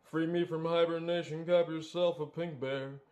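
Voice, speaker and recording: A man's voice: fairly high pitch, fairly even intonation, normal speed, a little mellow, close to an everyday voice. A man voicing a cheerful sloppy pink male bear in a bouncy, sing-song rap. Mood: upbeat.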